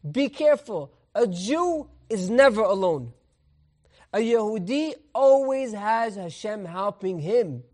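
A man teaching a Torah lesson as a rabbi, telling a parable in an animated way and mixing in Hebrew terms. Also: high-pitched, slow pace.

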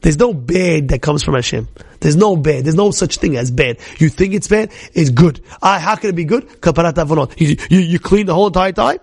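Middle-aged male rabbi, animated storyteller, bursts into shouts; high, gravelly, dry-miked. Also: brisk, no room sound. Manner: storytelling with shouted outbursts and repeated restarts. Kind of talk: animated Torah talk.

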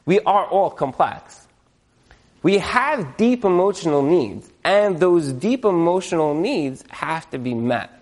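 A man with a slightly high voice gives a lively, joking religious talk to a live audience. He keeps asking the listeners if they follow, and he drops Jewish religious terms as he goes. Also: slow pace. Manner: animated, joking, asks the audience questions. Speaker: speaker giving a talk to an audience. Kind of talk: humorous religious lecture.

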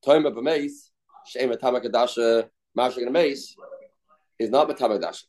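A Talmud teacher with an ordinary middle-pitched, slightly mellow voice leads a study class at a moderate pace. He chants phrases repeatedly in a sing-song rhythm, blends English with Hebrew and Aramaic terms, and pauses at times to answer students' questions.

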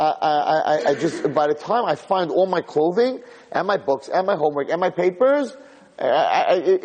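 Guy doing a stammering absent-minded kid, kinda high and husky, echoey room. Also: darkish tone. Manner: stammering, flustered. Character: young absent-minded boy student, apologetic. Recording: echoey hall.

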